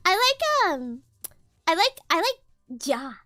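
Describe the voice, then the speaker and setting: Very high-pitched giggly young woman streamer. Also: lively intonation, normal speed, pushed and bright, soft background music. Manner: giggly, rambling, laughs often. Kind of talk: casual stream chat.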